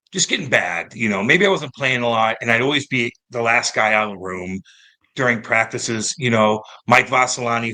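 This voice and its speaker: A man in his thirties from St. Louis, a former pro hockey player telling stories in a casual, animated and profane interview. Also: mid-range voice. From St. Louis, United States. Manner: animated, profane, acts out quoted voices.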